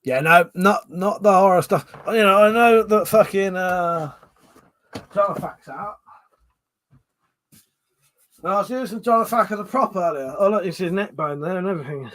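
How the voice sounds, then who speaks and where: A man's voice: high-pitched, normal speed, long pauses, a bit bright. Sweary man chatting on a livestream. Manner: rambling, sweary and jokey, with frequent laughs. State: yawning and short of breath. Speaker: live stream host. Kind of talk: casual live-stream chat, reading out viewer comments.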